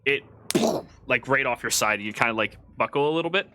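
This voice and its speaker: A man's voice: mid-range voice, brisk, sharp tone. A man narrating as game master in a casual tabletop game, with loose filler words.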